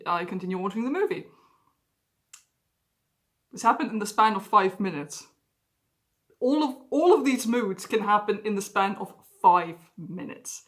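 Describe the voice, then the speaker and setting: A woman speaks to her viewers in a personal, confessional vlog. She talks openly and frankly. Her voice sits at an ordinary middle pitch. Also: moderate pace, a bit bright. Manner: candid, emotionally open storytelling. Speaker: vlogger.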